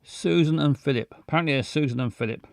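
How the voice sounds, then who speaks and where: A man hosting a live show, chatting casually in a halting, playful way with many restarts and silly jokes. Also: on the high side, gravelly, darkish tone, no echo, clean studio sound. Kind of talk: casual rambling live chat.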